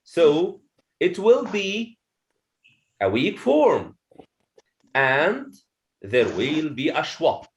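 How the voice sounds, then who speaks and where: A man teaches pronunciation to a class, with a fairly high voice that swings widely in pitch. He speaks slowly and deliberately, repeats his points and keeps asking the room "okay?". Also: very animated, dull audio. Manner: slow, repeats each point, checks with "okay?". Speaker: English teacher. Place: classroom with students.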